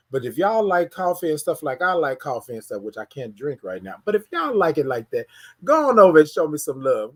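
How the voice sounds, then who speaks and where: A man from Houston hosting a casual morning livestream, greeting viewers and hyping up the chat. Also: on the high side. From Houston, Texas. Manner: energetic, hypes the chat, drawn-out sung greetings. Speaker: livestream morning show host.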